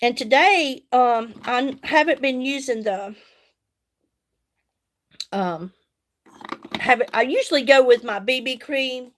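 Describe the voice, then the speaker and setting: A folksy middle-aged woman with a drawl talks into her phone during a live makeup stream. Her voice sits a little high, and she chats warmly with her viewers, calling them by name between steps. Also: slow, pauses often.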